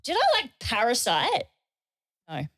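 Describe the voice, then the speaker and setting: A woman, a guest performer, chatting casually in a playful, expressive way. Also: fairly high pitch, a little slow, dry recording, studio quality. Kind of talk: casual chat.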